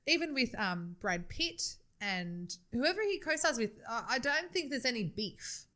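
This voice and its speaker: A woman's voice: a little high, expressive, moderate pace, sharp tone. Playful Australian woman, middle-aged. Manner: teasing, playful. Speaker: podcast co-host. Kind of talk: casual chat.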